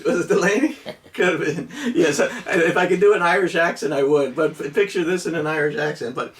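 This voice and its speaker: A man's voice: a little high, fairly quick, far from the mic. A middle-aged man from New Jersey casually telling a rambling story with many restarts and laughs. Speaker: podcast co-host.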